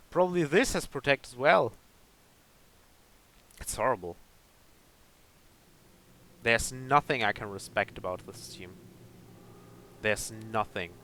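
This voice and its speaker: A man's voice: mid-range voice, bright, forceful tone. A young man giving game commentary, complaining angrily and swearing at his opponent. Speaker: gaming commentator.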